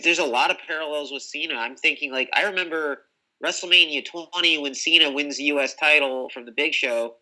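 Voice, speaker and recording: A man co-hosting a casual wrestling debate, agreeable and quick to chime in. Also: fairly high pitch, bright, forceful tone, poor audio. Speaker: podcast co-host.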